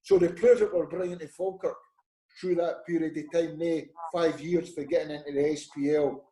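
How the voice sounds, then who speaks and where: Animated Scottish man with a dark voice. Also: on the high side, moderate pace. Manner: animated anecdotes, acting out quoted voices. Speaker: former football manager, guest. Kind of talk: conversational storytelling. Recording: roomy echo.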